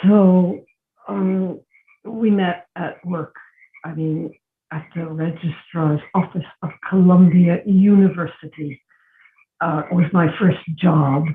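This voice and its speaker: Older woman storyteller, wry and unhurried, on a tinny video call from a roomy space. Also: fairly low pitch, fairly even intonation, slight background noise. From New York City. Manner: wry, unhurried, with self-mocking asides. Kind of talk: personal storytelling. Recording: phone-like, echoey room audio.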